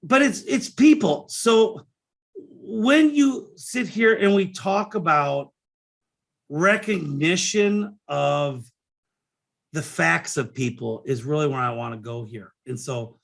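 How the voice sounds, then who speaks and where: A man's voice: fairly high pitch, takes it slowly, gravelly, a bit bright. A middle-aged man hosting his own podcast, talking in a rambling, emotional way, with many restarts and fillers and some casual swearing. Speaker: podcast host and business coach. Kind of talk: casual solo podcast monologue.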